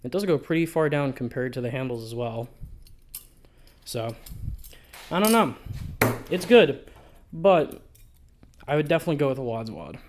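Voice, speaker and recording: A man's voice: mid-range voice, animated, moderate pace, long pauses, a little mellow, slight background noise. A man talking through a product review in a casual vlog, rambling and offhand, with frequent swearing. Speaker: balisong reviewer.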